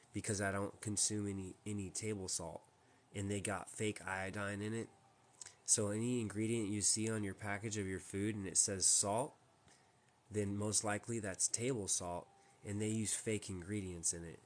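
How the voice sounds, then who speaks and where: A man with a lowish voice talks straight to his live-stream viewers from home. He rambles emphatically and restarts his sentences often. A faint hiss of background noise sits under his voice. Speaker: livestream host. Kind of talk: casual live-stream chat.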